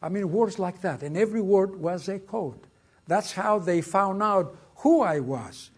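Husky older Greek-accented man telling war stories. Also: high voice, a little slow. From Greece. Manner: lively, dramatic storytelling with acted quotes. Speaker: guest speaker. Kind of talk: storytelling lecture.

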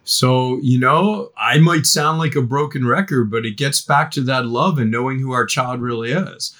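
A middle-aged man, a guest expert on teen parenting, speaking in a podcast interview with an animated manner. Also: mid-range voice, moderate pace.

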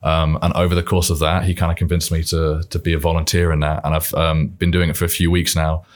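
A man's voice: extremely low pitch, level tone, fast. A young British man chatting casually as a podcast guest, rambling and laughing as he goes. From Britain. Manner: rambling, self-correcting, laughs often. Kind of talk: casual chat.

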